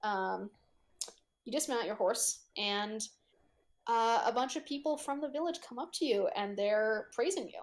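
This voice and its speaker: A woman's voice: a little high, unhurried. Giggly young woman narrating a game. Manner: giggly, rambling, lots of fillers. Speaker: game master.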